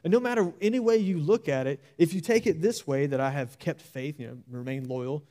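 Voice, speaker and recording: A young man delivers a sermon with earnest, exhorting energy, leaning on slow, emphatic repeats. His voice sits a little high for a man, yet its tone is dark and mellow. He talks plainly, with the odd filler, in the way of a preacher speaking to his congregation.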